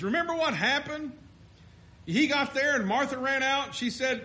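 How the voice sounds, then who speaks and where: A man's voice: very high voice, very animated, normal speed, pushed and bright. A man preaching a sermon, fervent and rising and falling, with frequent restarts.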